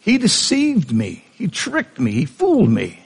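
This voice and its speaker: A man voicing the first woman in a high, insistent voice as she shifts the blame, in a sermon. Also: wildly swooping pitch, measured pace, vocal fry, husky, full character voice. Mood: defensive.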